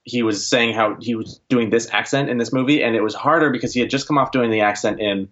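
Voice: medium pitch, fast. Co-host with a dull lo-fi sound. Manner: relaxed, many fillers, agreeable. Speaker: podcast co-host. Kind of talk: casual chat about a film.

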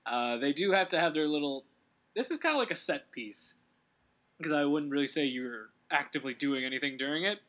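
A man hosting a relaxed gaming commentary, rambling and correcting himself as he talks, with quick laughs. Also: a little high. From Canada. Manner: rambling, self-correcting, giggly. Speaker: let's play host.

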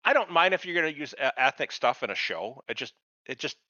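A man talks casually as a podcast co-host, his pitch swinging wide as he riffs and swears through mocking asides. His voice sounds bright and forward. The sound is dry and a little dull, like a lo-fi recording. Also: fast talker, no echo. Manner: profane, animated, mocking asides. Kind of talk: casual chat reviewing a TV episode.

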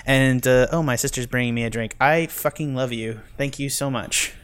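A man's voice: medium pitch, moderate pace, very noisy. A man co-hosting a podcast in casual film review chat, talking in long rambling runs with many restarts. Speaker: podcast co-host.

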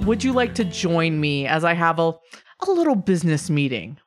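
A soft-spoken crime family patriarch, as a woman puts him on, slow and fatherly in a tabletop game. The voice sits low for a woman. He reassures rather than threatens. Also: sing-song, music in the background. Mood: paternal. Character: calm paternal male crime family boss.

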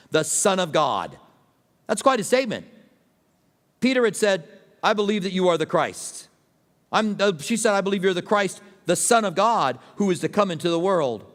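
Earnest man preaching in reverberant hall. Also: on the high side. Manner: earnest preaching, reading scripture aloud and explaining it. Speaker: pastor. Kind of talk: sermon.

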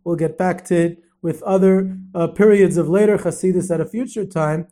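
A man hosting a history podcast, telling stories in a lively way and sprinkling in Yiddish and Hebrew terms. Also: sits high, normal speed. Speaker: podcast host and tour guide.

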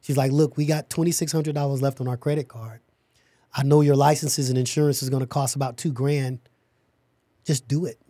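A middle-aged man, a podcast guest, telling an animated story about starting his company and acting out the dialogue. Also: mid-range voice, a little fast, no echo.

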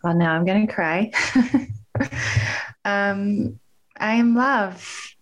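Slow, emotional woman guest. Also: medium pitch. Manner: emotional, hesitant, many fillers. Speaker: podcast guest. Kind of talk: interview conversation.

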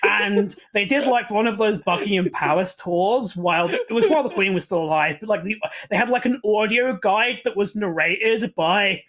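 A podcast co-host in casual chat who is excitable, laughs often and tells stories. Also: medium pitch, normal speed, hardly any pauses.

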